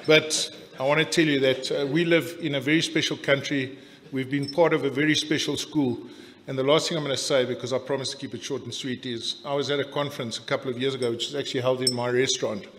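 A man's voice: medium pitch, steady tone, quick pace, noisy background. A middle-aged South African man giving a blunt, jokey after-dinner toast that rambles with restarts, speaking in a large dinner hall. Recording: long hall reverb.

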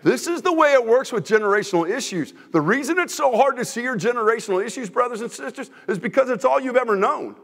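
Gravelly high-voiced joking preacher. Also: male voice, fast, hardly any pauses, big-room sound. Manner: joking, teasing, energetic. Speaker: guest preacher. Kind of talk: humorous sermon. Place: church sanctuary.

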